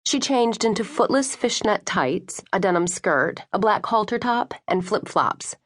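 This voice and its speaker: A woman narrating a first-person novel as an audiobook, expressive storytelling. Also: mid-range voice, a little slow. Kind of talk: scripted narration.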